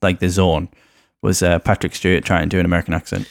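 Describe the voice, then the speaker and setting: A man hosting a casual podcast, reading out film trivia in a halting, rambling way with many restarts. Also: deep voice, little pitch movement, dry recording, clean studio sound.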